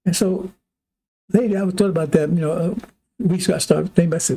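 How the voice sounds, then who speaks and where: A man with a high, fast voice and a breathy edge delivers a rambling sermon in a conversational way. He grows animated, now and then acting out heated arguments with God in a raised voice.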